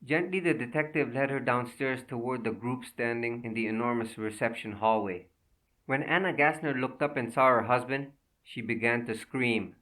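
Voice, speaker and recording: A man narrating a thriller audiobook in a steady, measured reading. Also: medium pitch, distant mic, poor audio.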